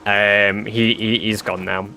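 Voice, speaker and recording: A man chatting on a game stream, telling a story in an animated, swearing manner. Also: lowish voice, slow pace, noisy background. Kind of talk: casual livestream chat. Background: game music.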